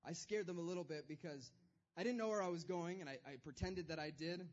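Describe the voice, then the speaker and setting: A man's voice: a little high, fast talker, dull audio. A man preaching a sermon as pastor, in a loose conversational style with self-deprecating humor.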